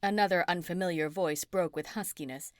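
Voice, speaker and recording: A woman narrating an audiobook in the first person, in an even storytelling manner. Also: lowish voice, brisk, dry recording, clean studio sound.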